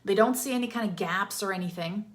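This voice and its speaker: A woman's voice: mid-range voice, fast talker. A woman in her thirties, an interactive storytelling coach, giving an upbeat, chatty live-streamed talk from a room with some echo. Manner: upbeat, chatty, energetic with bursts of enthusiasm.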